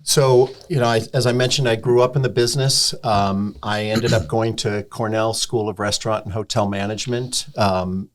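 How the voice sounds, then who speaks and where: A middle-aged man from Sarasota, a restaurant owner and podcast guest, telling stories in a relaxed, casual way with frequent ums. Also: fairly low pitch, moderate pace, hardly any pauses. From Sarasota, Florida. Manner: relaxed storyteller, many ums. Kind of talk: casual interview chat.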